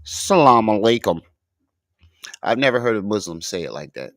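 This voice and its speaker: A man's voice: low-pitched, big pitch swings, fast talker, a bit bright, no echo, studio quality. A man giving profane reaction commentary, mocking and arguing with the clips he plays. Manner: mocking, argumentative, swears heavily. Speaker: commentary streamer.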